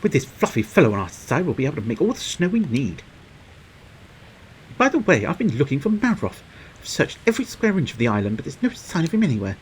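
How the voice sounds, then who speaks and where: A perky, determined young woman from a video game, voiced by a man reading along. The voice sits well above his usual register and moves lively through the lines. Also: fairly high pitch, quick pace, slight background noise, voice pushed up, low-quality recording. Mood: upbeat.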